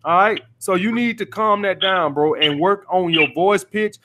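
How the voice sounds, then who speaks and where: A man's voice: sits high, a little slow, sharp tone. A man coaching callers on dating, lecturing bluntly and cursing freely. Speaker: dating coach taking calls. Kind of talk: call-in advice show.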